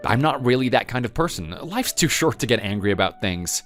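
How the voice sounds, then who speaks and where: A man playing a calm peacemaking husband. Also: mid-range voice, a little fast, soft background music. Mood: placating. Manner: soothing, placating. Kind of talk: scripted text-story drama.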